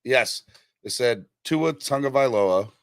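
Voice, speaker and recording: A man's voice: medium pitch, expressive, takes it slowly, clear, resonant tone, no echo, clean studio sound. A man hosting a casual live-stream sports chat, hyped up, rambling with fillers and pushing viewers for likes and donations. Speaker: livestream host.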